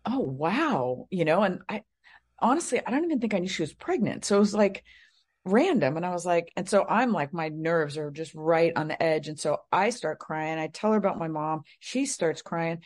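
A woman's voice: on the low side, expressive, moderate pace, a little mellow. A middle-aged woman, a guest on an interview show, telling a personal story casually, with many fillers and rambling asides. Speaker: guest, psychic medium.

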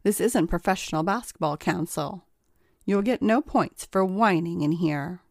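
A woman's voice: on the low side, a little slow, a little mellow, dry recording, clean studio sound. A woman voicing a stern, irritable male judge who speaks in curt, commanding lines. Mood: stern irritated.

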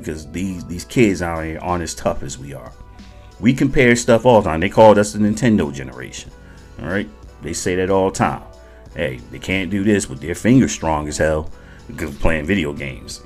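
Animated, profane army veteran storyteller. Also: male voice, lowish voice. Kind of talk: casual storytelling podcast.

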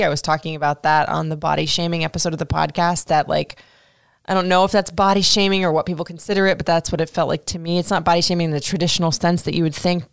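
A woman's voice: sits low, clear, resonant tone, dry recording, clean studio sound. A woman in her thirties hosting a podcast, chatting casually through listener questions with lots of fillers and casual swearing. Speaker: podcast host.

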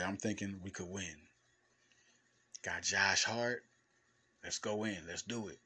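Emphatic man hosting a solo sports podcast. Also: mid-range voice. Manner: animated, emphatic and repetitive, with stammered restarts; informal slangy speech, addressing fans directly. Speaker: podcast host and basketball analyst. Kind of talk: casual solo podcast talk.

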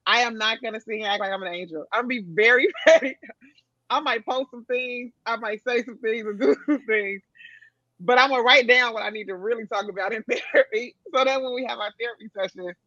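A woman's voice: medium pitch, pushed and bright, no room sound. A woman in a casual podcast chat, speaking candidly and often laughing. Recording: dull, dry recording.

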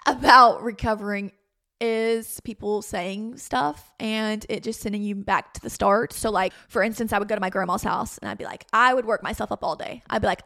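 A woman's voice: fairly high pitch, a little fast, dry recording, clean studio sound. A young woman, a podcast host candidly telling a personal story in a chatty way, often saying "like". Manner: chatty, frequent "like", quotes herself and others in lively voices.

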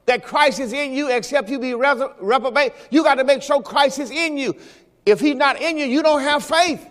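A man's voice: very high-pitched, normal speed, fairly bright tone, big-room sound. A man preaching a Sunday sermon as pastor, in a folksy style that mixes scripture quotes with rhetorical questions. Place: church during Sunday service.

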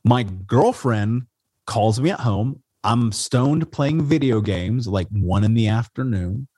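Man, husky voice, dry close sound, animated casual storytelling, swears a lot. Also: mid-range voice, takes it slowly, dry recording. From Indiana, USA. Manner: animated, profane, says "dude" and "man". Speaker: interview guest.

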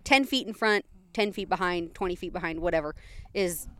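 A young woman, telling a story in a casual, animated way and laughing often. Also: lowish voice, fairly quick.

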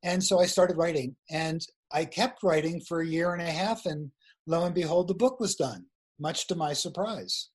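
Man, husky voice, chatty storyteller, video call audio. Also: on the high side, moderate pace. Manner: chatty, laughing storyteller with restarts. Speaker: guest author. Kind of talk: casual interview storytelling. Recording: video call audio over weak wifi.

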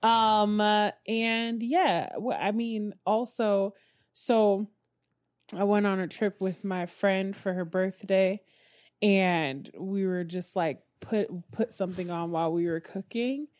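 A woman's voice: mid-range voice, fairly even intonation, slow, darkish tone, dry recording, clean studio sound. A woman co-hosting a podcast, chatting with enthusiasm about shows she watches. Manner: enthusiastic, chatty fan talk. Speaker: podcast co-host. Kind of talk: casual chat.

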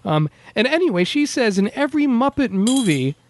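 A man's voice: very high voice, very animated, normal speed, slight background noise. A man hosting a podcast in casual chat, earnest and rambling, with many fillers and self-interruptions. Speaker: podcast host.

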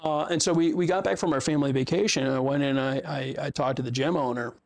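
A man's voice: fairly high pitch, steady tone, quick pace. A man in his fifties, an interview guest and fitness coach, telling stories in a rambling, profane way with lots of fillers and frequent laughs. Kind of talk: casual storytelling chat.

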